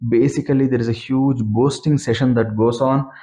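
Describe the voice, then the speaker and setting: A man's voice: mid-range voice, steady tone, a little fast, dark tone, rough recording. A man retelling an epic story in an earnest, plain-spoken way, repeating phrases for emphasis. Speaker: scripture storyteller.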